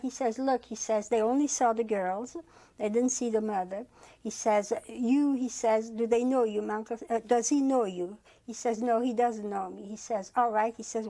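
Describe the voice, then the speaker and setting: A woman in her eighties from France, giving oral history testimony as a Holocaust survivor and retelling conversations with frequent "he says" and halting fillers. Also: on the high side, darkish tone.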